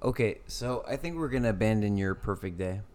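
A man hosting a casual podcast interview, chatty and amused, asking quick questions. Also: fairly low pitch, animated, a little mellow, a little hiss or hum. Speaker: podcast host.

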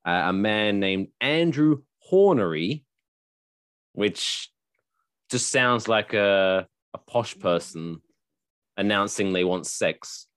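A man hosting a podcast, chatting casually in a jokey, animated way and swearing freely. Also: fairly low pitch, takes it slowly, smooth, no echo, clean studio sound. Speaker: podcast host.

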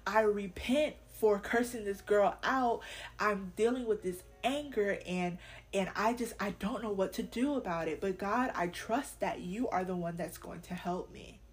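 A woman's voice: medium pitch, a little slow. Earnest woman preaching in casual slang. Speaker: podcast host. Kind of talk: faith podcast monologue.

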